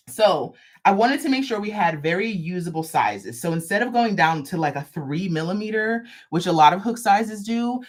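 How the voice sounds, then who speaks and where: A woman hosts a live crochet stream and talks through a product demo in a casual, chatty way. Her voice swoops up and down with lots of lively pitch movement. She drops playful, sassy asides as she goes. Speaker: host of a crochet livestream.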